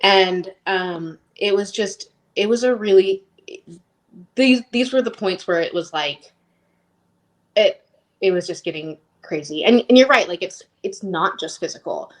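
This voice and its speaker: A woman's voice: mid-range voice, unhurried. A woman in her thirties telling her personal story as an interview guest, rambling and emotionally open with lots of "like".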